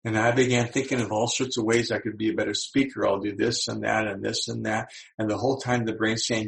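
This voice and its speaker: Gravelly-voiced male motivational speaker. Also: on the low side, fairly quick, few pauses, rough recording. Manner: animated, acts out quoted voices. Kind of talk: motivational talk to an audience.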